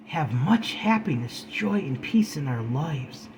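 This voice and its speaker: A man's voice: on the high side, big pitch swings, takes it slowly, a little mellow, a little hiss or hum, rough recording. A man giving an earnest, pleading talk to camera, calling his viewers guys and preaching kindness. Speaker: spiritual video host.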